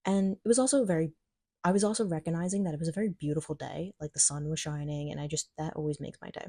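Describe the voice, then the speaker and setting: A woman's voice: on the low side, quick pace, dark tone, dry recording, studio quality. A young woman telling a personal story in a casual vlog, chatty and full of "like" fillers, acting out her own thoughts. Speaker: vlogger.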